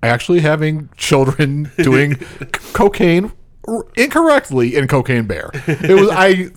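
A man's voice: a little high, sing-song, unhurried. A man co-hosting a podcast in a casual movie chat, often laughing along and adding short remarks.

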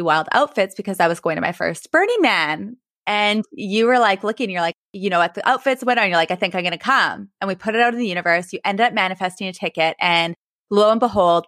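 A woman's voice: mid-range voice, fairly bright tone, no echo, studio quality. A woman hosting a podcast, chatting enthusiastically with her guest. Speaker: podcast host. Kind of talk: casual chat.

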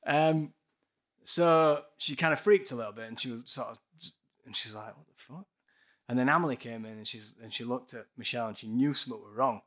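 A man's voice: medium pitch, bright, forceful tone. A man, a guest musician telling a ghost story in casual podcast chat, swearing and laughing often.

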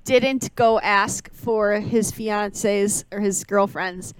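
A woman's voice: medium pitch, fairly even intonation, very slow, smooth. Young woman on a podcast, chatty and over the top, laughs a lot. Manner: chatty, dramatic, laughs often. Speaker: podcast co-host. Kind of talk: casual chat recapping a movie.

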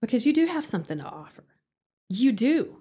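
A woman's voice: on the high side, very animated, a little fast, dark tone, husky. A middle-aged woman, a guest chatting casually in an interview, laughing often and acting out quotes. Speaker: podcast guest.

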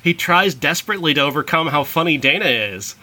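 A man co-hosts a casual movie podcast with a bright, sharp tone. He talks bluntly and chuckles between points. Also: a little high, animated, fast. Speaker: podcast co-host. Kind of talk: casual movie review chat.

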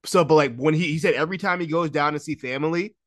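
A man's voice: fairly high pitch, fast, a bit bright, dry recording, studio quality. A man hosting a podcast in casual chat, rambling, restarting sentences and laughing often. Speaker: podcast host.

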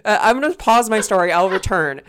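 A woman's voice: medium pitch, lively intonation, a little fast. A young woman co-hosting a casual podcast, telling a long story with lots of swearing and laughter. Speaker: podcast co-host. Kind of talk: casual chat. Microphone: desk mic.

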